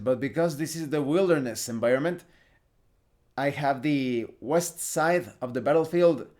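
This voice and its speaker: Man, solo tabletop game tutorial, slow, fairly high voice, steady explaining. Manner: steady, explanatory with small restarts. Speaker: host and solo game player.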